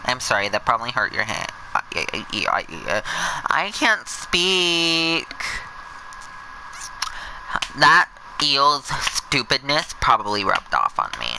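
A man giving sassy, camp, over-the-top commentary while playing a game, with sudden shouted bursts. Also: mid-range voice, very animated, measured pace, vocal fry, noisy background. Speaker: gameplay commentator. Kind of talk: let's play commentary.

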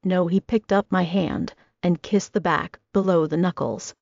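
A woman narrating a novel in the first person, intimate and reflective. Her voice is low with a gravelly edge. The recording is muffled and dry, close with no room sound. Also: steady tone, moderate pace, a little mellow, no room sound. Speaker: audiobook narrator.

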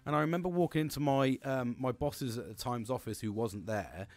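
A middle-aged man hosts a podcast, his mid-range voice a little mellow and fairly quick. He tells a personal story frankly and rambles, restarting sentences and swearing constantly.

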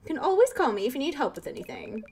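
A woman's voice: sits high, very animated, quick pace, darkish tone, slight background noise, voice pushed up. A woman voicing a caring, fussing mother who coaxes her daughter sweetly. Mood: doting. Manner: sweet, doting and coaxing.

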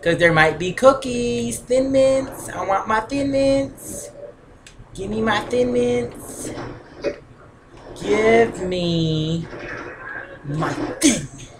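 A woman's voice: fairly high pitch, animated, very slow, pauses often, background noise. A woman giving goofy, giggly, rambling commentary as she plays a console game at home. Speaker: gamer. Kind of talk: casual gameplay commentary.

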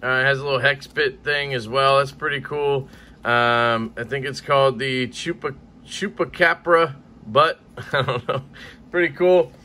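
Here a man who vlogs about collecting knives chats in a loose, rambling way, dropping casual swear words. He speaks at a measured pace in a medium-pitched, sharp-toned voice.

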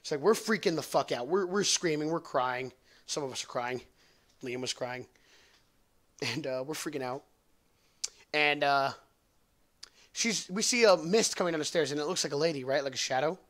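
The voice is a little high and a bit bright, moving at a moderate pace broken by long pauses. It belongs to a young male podcast host telling a drawn-out, profane, joke-filled story and laughing at his own punchlines.

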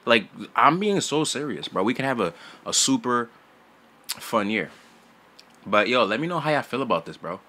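A young man giving casual gaming news in a vlog, loud and excitable, slangy, repeating "bro" constantly. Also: medium pitch, moderate pace, long pauses. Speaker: gaming YouTuber. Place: home recording setup.

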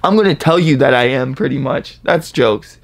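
A man's voice: mid-range voice, normal speed, vocal fry. A man hosting a reaction video, chatting casually and whooping at lines he likes. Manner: excitable, hypes bars with whoops and laughs.

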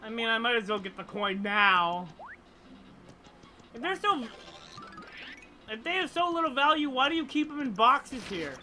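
A woman streamer chatting excitedly while playing a game. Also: on the high side, normal speed, pauses often, faint music behind. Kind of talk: let's play commentary.

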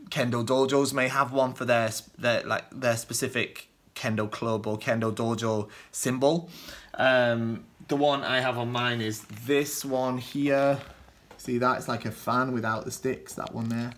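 A man's voice: medium pitch, fairly even intonation, unhurried, a bit bright. A British man from the UK hosting a kendo show, answering viewer questions in loose, rambling casual chat with many ums and restarts.

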